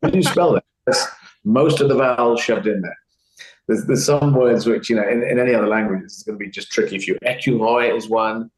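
A man's voice: lowish voice, a little fast, echoey room, rough recording. A man talking casually as an interview guest, rambling and acting out quoted voices. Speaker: comedian guest.

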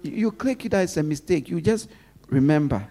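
Emphatic male preacher, somewhat high voice, call-and-response delivery, loud stresses then soft asides. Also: expressive, a little fast, soft background music. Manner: call-and-response, leaves questions for the congregation to finish. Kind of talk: sermon.

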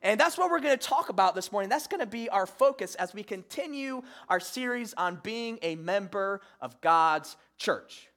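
Young Midwestern male pastor, slightly high voice, casual halting sermon delivery full of fillers. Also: animated, fairly bright tone. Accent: Midwestern American. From Michigan. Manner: halting, many "uh" fillers, self-deprecating humor. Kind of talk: conversational sermon.

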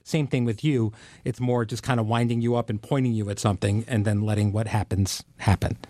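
A man with a somewhat low voice speaks as a show's executive producer in casual conversation. He sounds measured and wry, recorded dry and close. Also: steady tone, mellow, dry recording. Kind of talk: casual podcast chat.

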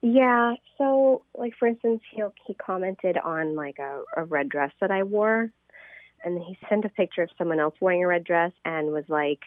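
A woman calling in to an advice show, talking hesitantly and trailing off quietly. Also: lowish voice, expressive, moderate pace, no room sound. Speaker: caller. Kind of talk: call-in radio talk. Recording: phone line.

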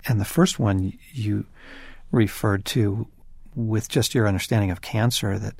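A man's voice: fairly low pitch, measured pace, gravelly, a little mellow, breathy edge, dry recording, clean studio sound. A man co-hosting a podcast conversation, talking about faith and suffering in an earnest, emphatic, preacherly way. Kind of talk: conversational Christian teaching.

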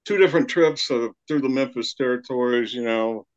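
A man, a guest on a podcast, reminiscing in a relaxed casual chat with some hesitations. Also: mid-range voice, brisk, clean tone, highs cut off.

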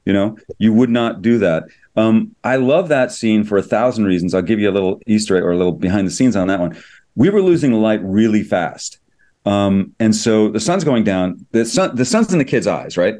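A middle-aged man, a screenwriter, telling stories in an interview with quick enthusiasm and many restarts. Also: on the low side, expressive, warm tone. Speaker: screenwriter and producer. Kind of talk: interview, anecdotal storytelling.

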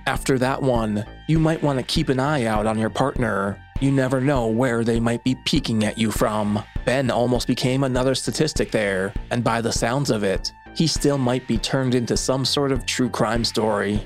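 A man of middle pitch closes out a podcast episode in a wry, conversational tone. A guitar plays softly behind him. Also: moderate pace, hardly any pauses. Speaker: podcast host. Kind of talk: scripted outro narration.

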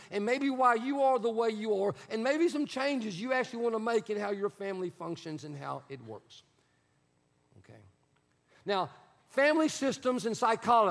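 A man pastor preaching a sermon in a church sanctuary, conversational and emphatic, repeating his key phrases. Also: sits high. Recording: long hall reverb.

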